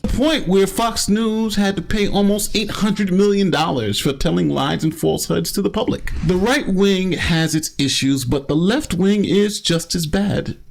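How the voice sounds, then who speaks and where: Gravelly emphatic male commentator. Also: high-pitched, measured pace, few pauses, slight background noise. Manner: emphatic, sarcastic. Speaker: commentary youtuber. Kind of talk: scripted video commentary.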